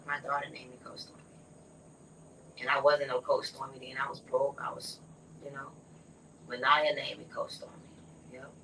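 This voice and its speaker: A woman telling a personal story in a casual conversation, often dropping to a soft near whisper. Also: extremely low pitch, level tone, normal speed, pauses often, distant mic, slight background noise, rough recording.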